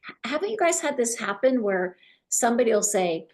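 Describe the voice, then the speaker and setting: A middle-aged woman coaching real estate agents in an animated way, acting out conversations with clients. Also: fairly high pitch, brisk.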